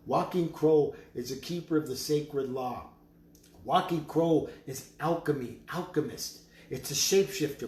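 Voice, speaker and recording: Selling drums on a live stream, a drum maker speaks slowly in a medium-pitched, darkish voice, mixing spiritual talk, prayerful emphatic declarations and chanted words as he shows his work. His studio is full of drums and rattles, and the roomy recording has faint noise.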